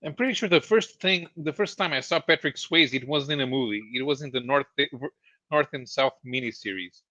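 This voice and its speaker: Bright-voiced man on a dull, dry line. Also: medium pitch, brisk, no room sound. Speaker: podcast guest. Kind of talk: casual group chat. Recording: dull lo-fi dry call audio.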